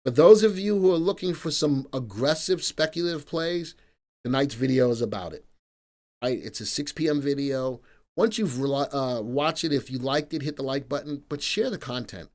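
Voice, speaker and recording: A middle-aged man hosting a live stock market stream, chatting energetically and playfully with viewers, even breaking into song. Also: mid-range voice, normal speed. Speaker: stock market analyst host.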